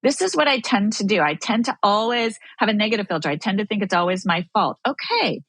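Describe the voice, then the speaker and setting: A woman's voice: medium pitch, lively intonation, brisk, fairly bright tone, no echo, low-quality recording. A woman speaking as a guest expert on a podcast, earnest and coaching, acting out inner dialogue as she explains. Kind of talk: podcast conversation.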